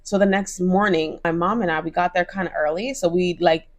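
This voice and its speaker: A woman's voice: on the low side, steady tone, a little fast. A young woman chatting casually to camera in a crochet vlog, gushing, with lots of "like" and "oh my gosh". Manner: bright put-on voices when quoting others. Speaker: crochet vlogger.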